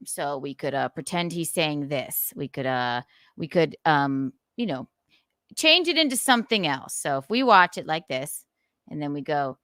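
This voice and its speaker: A woman's voice: low voice, lively intonation, moderate pace, fairly bright tone, no echo, studio quality. A woman hosting a casual livestream, talking sarcastically with frequent laughs and reading chat messages aloud. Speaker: livestream host.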